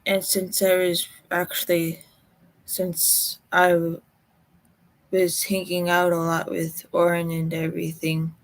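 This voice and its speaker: A woman from Colorado, telling a personal story in a halting way, close to tears. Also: on the low side, completely flat delivery. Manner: slow, halting, emotional recollection.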